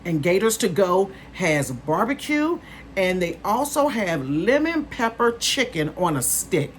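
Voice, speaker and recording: A woman in her fifties chatting casually to her viewers as a vlogger, calling them "honey" and "you guys" and bursting into excitement. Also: medium pitch, a little slow, a little hiss or hum. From northern United States. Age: 50s.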